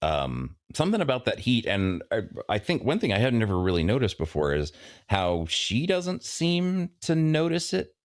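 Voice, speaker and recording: A man's voice: mid-range voice, huge pitch swings, normal speed, no room sound, studio quality. A man co-hosting a book podcast, reading passages aloud and then musing thoughtfully, with some hesitation. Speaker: podcast co-host.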